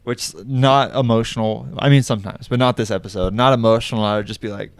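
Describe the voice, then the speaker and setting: A young man co-hosting a podcast, joking around and laughing often as he talks through a rough day. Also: lowish voice, a little fast, dry recording. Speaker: podcast co-host. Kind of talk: casual chat.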